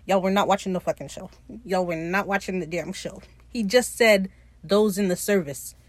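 A young woman hosting a podcast, recapping a TV episode in an animated, profane, teasing way. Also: mid-range voice, moderate pace, no echo. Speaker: podcast host.

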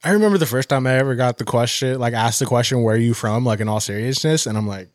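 A man's voice: mid-range voice, fast, dry recording, clean studio sound. A man in his twenties from San Diego in casual chat, sarcastic and profane, acting out his own reactions. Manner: sarcastic, swears a lot, acts out reactions.

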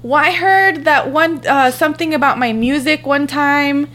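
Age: adult. Figure: a woman putting on an awkward, petty female neighbor. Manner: hesitant, evasive, voice pitched up. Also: normal speed, fairly bright tone. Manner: hesitant, evasive, higher put-on voice.

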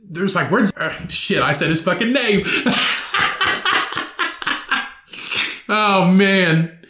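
A man's voice: on the high side, pushed and bright, roomy sound. A young man hosting a podcast alone, telling a rambling, profane story with lots of laughter. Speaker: podcast host.

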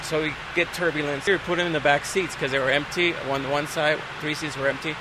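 A man, a flight attendant guest, telling an animated anecdote and acting out the voices of the people in it with big jumps in pitch. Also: a little fast. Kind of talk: animated storytelling. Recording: loud traffic noise behind.

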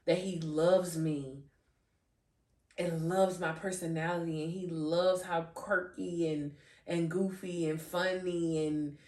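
A woman's voice: lowish voice, takes it slowly, distant mic. Giggly woman in a roomy echo. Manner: animated, giggly, trips over words; restarts and repeats phrases. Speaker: podcast host. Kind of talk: faith podcast talk.

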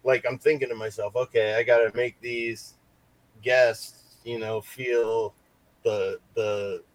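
A man's voice: medium pitch, level tone, slow pace, no room sound. A man who investigates hauntings, telling a story in casual podcast chat and rambling through fillers and restarts. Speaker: paranormal investigator.

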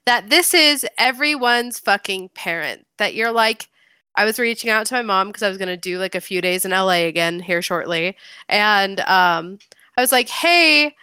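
A woman co-hosting a casual podcast, swearing freely and telling animated stories. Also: mid-range voice, smooth, dry recording. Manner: profane, animated storytelling, acts out quoted voices. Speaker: podcast co-host. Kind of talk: casual chat.

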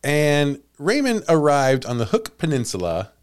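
A man's voice: a little high, wildly swooping pitch, measured pace, clean tone. A man hosting a comedy podcast, telling a story in playful casual chat and laughing often. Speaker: podcast host.

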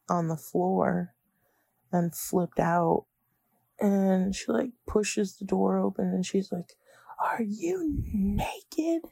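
A woman's voice: lowish voice, gravelly, warm tone, no room sound. A woman telling an interviewer about her school memories in a casual, chatty way, full of "like.". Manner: chatty, many "like" fillers.

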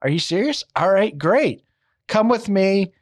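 A man's voice: high-pitched, animated, a little slow, voice pushed up. A man quoting a friendly-seeming male recruiter who turns curt when crossed, in a casual retelling. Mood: coaxing.

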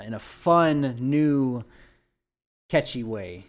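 A man's voice: a little high, moderate pace. A man co-hosting a casual podcast, explaining a conspiracy theory with frequent fillers and restarts. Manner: hesitant, lots of uhs and restarts while explaining. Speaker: podcast co-host. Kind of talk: casual chat.

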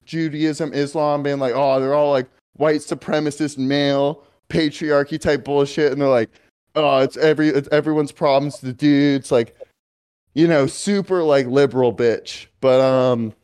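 Young male podcast co-host, higher-pitched, loose rambling storyteller who curses constantly. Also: steady tone, normal speed, a little mellow, clear, resonant tone. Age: young adult. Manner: rambling storytelling, heavy swearing, mimics others. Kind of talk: casual chat.

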